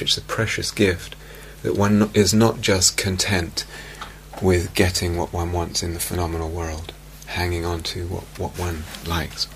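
Male meditation teacher, deep voice with some fry, reflective dharma talk, faint hum on the recording. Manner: slow, reflective, repeats phrases softly. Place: retreat meditation hall.

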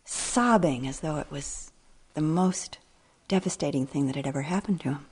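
An older woman giving a dharma talk as a meditation teacher, speaking slowly and reflectively, with trailing phrases that sometimes sink to a near whisper. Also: sits low, a little mellow, husky.

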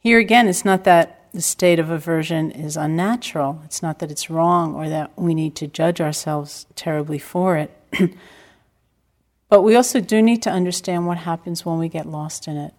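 An older woman teaching meditation in a calm, reflective dharma talk, telling stories with gentle self-deprecating humor. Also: sits low, normal speed. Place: retreat center hall.

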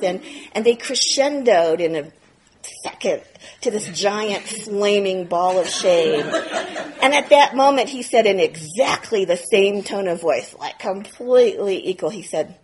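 Woman giving a laughing, animated dharma talk. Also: mid-range voice, a little slow, noisy background. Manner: animated, self-mocking, laughing while telling. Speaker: meditation teacher. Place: retreat center meditation hall.

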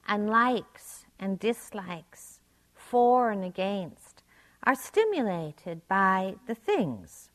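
A woman meditation teacher giving a gentle, reflective dharma talk. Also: medium pitch.

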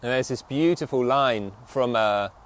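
A male meditation teacher gives a reflective dharma talk in a medium-pitched voice. He slows down to emphasize key phrases and frequently checks in with his listeners.

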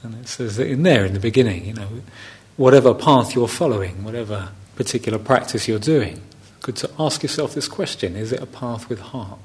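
A man, a meditation teacher giving a gentle, reflective dharma talk on a retreat. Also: mid-range voice, expressive. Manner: gentle, reflective, unhurried with soft laughs.

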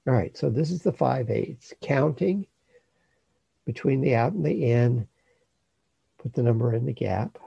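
Man, meditation instruction, gravelly voice, slow pace, dry close sound. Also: medium pitch, no room sound, highs cut off. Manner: slow, calm, unhurried with long pauses. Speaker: meditation teacher.

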